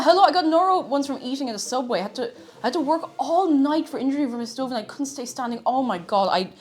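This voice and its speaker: A woman streaming with an Irish accent, chatting through a cooking livestream. She reads viewer messages aloud and answers them warmly, sometimes talking with a full mouth. Soft music plays in the background. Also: medium pitch. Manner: talks while snacking, sometimes with a full mouth. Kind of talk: casual cooking livestream chat.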